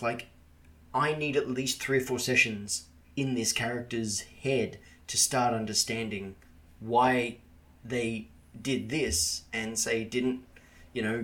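A man hosting a relaxed podcast chat about tabletop gaming. He is friendly and often stumbles over his words, repeating them before carrying on. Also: medium pitch. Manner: friendly, stammering restarts. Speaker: podcast host. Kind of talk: casual chat.

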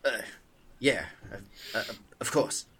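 A man's voice: medium pitch, animated, slow, fairly bright tone, husky, heavily acted. A man voicing a nervous, self-important male aide who stammers and brags. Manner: stammering, boastful.

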